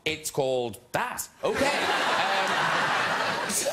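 A man's voice: sits high, sing-song, very slow, very noisy. A man hosting a chat show, teasing and giggling with guests. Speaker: talk show host. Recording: studio show with audience laughter. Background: audience laughter and applause.

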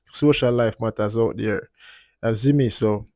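A man's voice: on the low side, measured pace, a little mellow, no room sound, clean studio sound. A man hosting a casual commentary vlog, talking in a laid-back, drifting way and often tagging on "you see me". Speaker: channel host and commentator.

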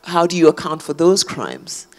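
This South African author talks thoughtfully during an on-stage public conversation, her low voice carrying a sing-song lilt at a moderate pace. She leans on many fillers and restarts as she goes.

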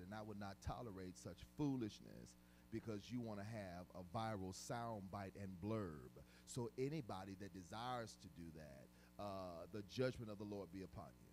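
A man preaching a sermon as pastor, emphatic and colloquial, repeating words and swinging from quiet stretches to shouts. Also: on the low side, a little hiss or hum. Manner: casual, colloquial speech.

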